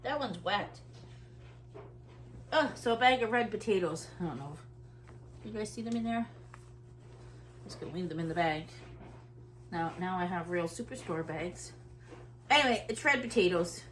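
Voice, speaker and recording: A woman's voice: on the low side, expressive, normal speed, long pauses, fairly bright tone, slight background noise. A middle-aged woman from Canada, a vlogger chatting casually at home as she unpacks groceries and thinks aloud. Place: home kitchen.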